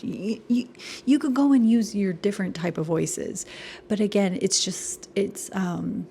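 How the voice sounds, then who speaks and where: A woman giving casual performing arts commentary at home, chatty and animated, often laughing and sometimes dropping to a whisper. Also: medium pitch, measured pace, gravelly, a little hiss or hum. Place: home room.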